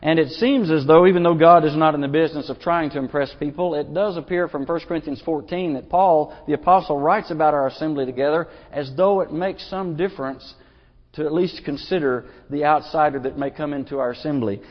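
Folksy preacher in a reverberant church. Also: male voice, on the high side, fairly quick. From Arkansas. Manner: earnest, folksy, with repeated restarts. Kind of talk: sermon. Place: church sanctuary. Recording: dull lo-fi sound, long church reverb.

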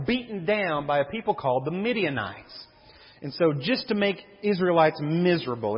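A pastor with a fairly high, husky voice preaches a sermon, reading scripture aloud and explaining it to the congregation. The recording from the church sanctuary sounds dull, with a reverberant hall.

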